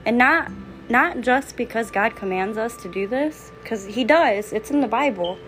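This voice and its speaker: A woman's voice: fairly high pitch, animated, unhurried, a bit bright, soft background music, rough recording. Earnest young woman giving testimony. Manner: earnest and emphatic, with repeated declarations. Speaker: mother sharing her faith. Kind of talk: personal faith testimony to camera.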